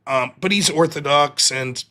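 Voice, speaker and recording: A man hosting a live call-in stream, talking casually and animatedly, often sounding exasperated and mocking. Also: on the high side. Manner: animated, exasperated, quick to mock. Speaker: livestream host.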